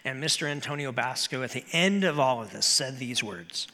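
A man preaching a sermon as pastor in a church, earnest and measured, with slow emphatic pauses. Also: medium pitch, animated, sharp tone. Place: church sanctuary. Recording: long hall reverb.

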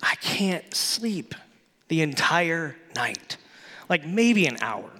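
Man, middle-aged pastor, sermon, animated storytelling, bright forceful voice, long hall reverb. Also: fairly high pitch, slow pace.

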